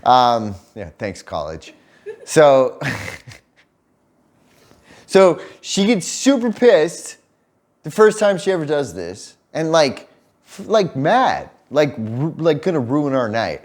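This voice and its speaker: Animated laughing young man telling a story. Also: on the high side, slow pace, long pauses. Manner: swears freely, laughs often, animated retelling with quoted voices. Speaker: vlogger telling a story about his partner. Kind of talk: casual storytelling to camera.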